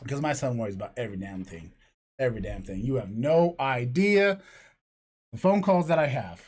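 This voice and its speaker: A man's voice: medium pitch, animated, normal speed, a little mellow, slightly rough. A middle-aged man hosting a podcast from his home, telling long, profane, rambling stories in casual chat. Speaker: podcast host. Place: home room apart from co-host.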